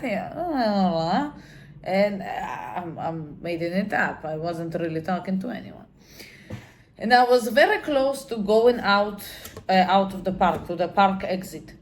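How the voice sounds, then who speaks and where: Woman vlogger, mid-pitched, candid and emotional storyteller who curses freely and trips over her restarts. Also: animated, a little slow. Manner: talks with many fillers and restarts. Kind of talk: personal storytelling monologue.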